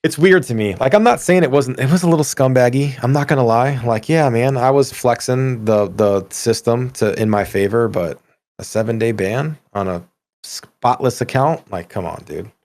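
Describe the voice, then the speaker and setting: A middle-aged man co-hosting a casual gaming podcast, ranting in an animated way and swearing freely. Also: mid-range voice, moderate pace, no room sound. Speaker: podcast co-host.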